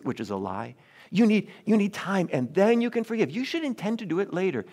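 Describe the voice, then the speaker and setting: Pastor, man, higher-pitched voice, earnest sermon delivery with wry asides. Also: sing-song, quick pace. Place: church sanctuary.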